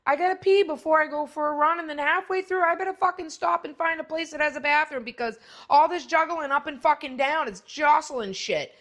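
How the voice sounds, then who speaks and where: A middle-aged woman with a fairly high voice hosts her own podcast and talks straight to the listener. Her speech is blunt and full of swearing, rambling along with plenty of "like" before it jumps into loud, high exclamations. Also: fairly quick. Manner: blunt and profane, rambling with lots of "like". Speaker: podcast host. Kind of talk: casual monologue.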